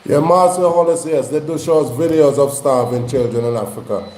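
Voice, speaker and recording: A man's voice: on the high side, a little fast, a little mellow, a little hiss or hum. A man talking casually and encouragingly, often checking that his listener understands. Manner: encouraging, repeats "you understand?". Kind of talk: casual chat. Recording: echoey room.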